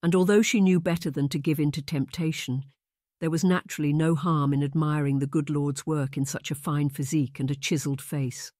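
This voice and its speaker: A man reading a historical romance audiobook aloud in a calm, even storytelling manner. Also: fairly high pitch, fairly quick, no echo, clean studio sound. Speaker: audiobook narrator. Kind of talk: audiobook narration.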